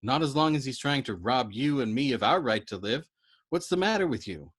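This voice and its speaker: In a storybook reading, a man voices a frantic, agitated young male bomber pilot who blurts out loud, excitable outbursts. He speaks briskly in a husky, mid-range voice.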